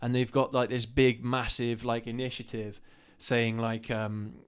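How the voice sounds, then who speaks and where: A man chatting casually as co-host of a live stream, rambling with restarts and getting animated when he complains. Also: medium pitch, a little slow, clean tone. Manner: rambling, animated when ranting, laughs easily.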